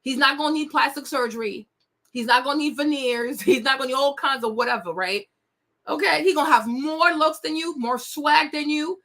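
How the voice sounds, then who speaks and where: A woman's voice: high-pitched, a little fast, pushed and bright. A young woman hosting a celebrity gossip show, talking in a sassy, indignant way straight to her viewers. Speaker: host. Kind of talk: casual celebrity gossip commentary.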